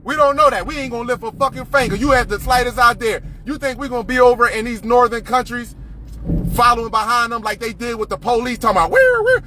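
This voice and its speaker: A man's voice: extremely high pitch, fairly even intonation, fast talker, pushed and bright, a little hiss or hum. A man ranting to camera, profane and confrontational, repeating himself.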